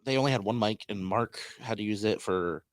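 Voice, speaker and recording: A man's voice: lowish voice, fairly quick, dry recording. A man hosting a podcast, telling a rambling casual story and acting out what people said. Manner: rambling anecdote with acted-out quotes. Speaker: podcast host.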